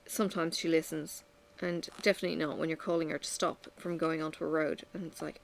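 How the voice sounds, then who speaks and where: A woman's voice: low voice, flat delivery, fairly quick, vocal fry. A woman chatting at home while she works on a craft, venting candidly about her day with frequent sighs. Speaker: vlogger. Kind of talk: casual chat while crafting.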